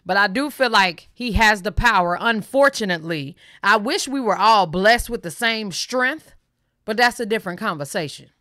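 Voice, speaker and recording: A woman's voice: medium pitch, lively intonation, moderate pace, sharp tone, dry recording, studio quality. A woman hosting a reaction channel, giving blunt, opinionated commentary.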